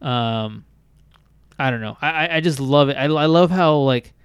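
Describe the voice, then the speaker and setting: In a casual podcast chat, this male co-host rambles enthusiastically and says "like" a lot. He speaks at normal speed in a clear, resonant medium-pitched voice, and the recording is dry and muffled.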